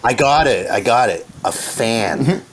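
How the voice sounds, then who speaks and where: A man telling a story in casual chat, animated and joking, swearing freely. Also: mid-range voice, slow, over a noisy crowd. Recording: noisy with clicks.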